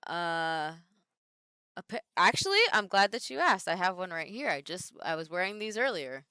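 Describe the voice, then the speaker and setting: A woman's voice: on the low side, big pitch swings, measured pace, pauses often, bright, forceful tone, clean tone, no room sound, studio quality. A woman in her thirties, a wrestler chatting casually on a live stream, reading viewer comments aloud and answering them at home.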